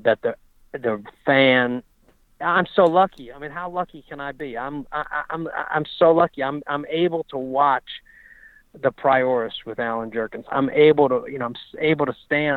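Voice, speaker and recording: A man telling racing stories in a casual interview, animated and halting, often restarting his sentences. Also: mid-range voice, dry recording. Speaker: racing writer and guest. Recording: dull lo-fi dry recording.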